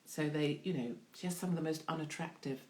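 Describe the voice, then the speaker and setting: A woman hosting her own online show in a casual live-stream chat, answering viewer questions in an irreverent, chatty way with free swearing and big jumps in pitch when she reads questions aloud. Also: fast talker, darkish tone.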